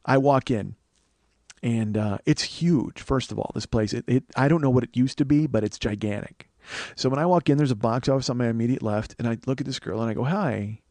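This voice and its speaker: A man's voice: medium pitch, a little fast, darkish tone, dry recording. A man in his forties, a comedian hosting a podcast, telling a story in a profane, rambling, ranting way. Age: 40s. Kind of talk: casual comic storytelling.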